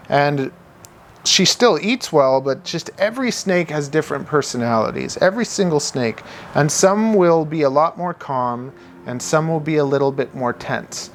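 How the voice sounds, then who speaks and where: A young man explains snake handling in a loose, talkative way, stumbling and restarting as he goes. His voice sits a little high, with light music playing faintly underneath. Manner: chatty, rambling with restarts, mimics owners in high squeaky voice. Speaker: reptile keeper giving pet care tips. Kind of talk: casual instructional video.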